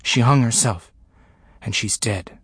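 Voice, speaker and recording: A man reading a first-person memoir aloud, in a slow, grave, repetitive delivery. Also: medium pitch, a bit bright, husky, dry recording. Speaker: narrator.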